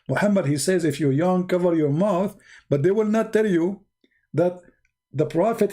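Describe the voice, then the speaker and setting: Sarcastic man with dark voice. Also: a little high. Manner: sarcastic, non-native grammar, shifts between loud and quiet. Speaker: online commentator. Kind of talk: mocking commentary.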